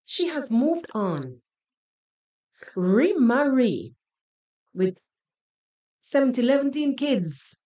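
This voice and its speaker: A woman's voice: high-pitched, big pitch swings, drawn-out words, long pauses, mellow. A Jamaican woman hosting a podcast, giving sarcastic, scolding reaction commentary on a video and slipping into patois. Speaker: podcast host.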